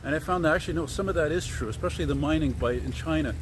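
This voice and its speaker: A man's voice: a little high, rapid-fire, background noise. A man rambling casually as he walks a city street, full of fillers and digressions. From Canada. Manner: chatty, digressive, filler-heavy. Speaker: vlogger. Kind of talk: rambling walking vlog.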